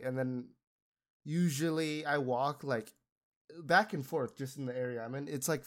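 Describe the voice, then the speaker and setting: A man's voice: medium pitch, a bit bright. A young man hosts a casual podcast while sick, his voice stuffy and nasal. He rambles loosely, swears freely and laughs often. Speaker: podcast host. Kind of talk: casual chat.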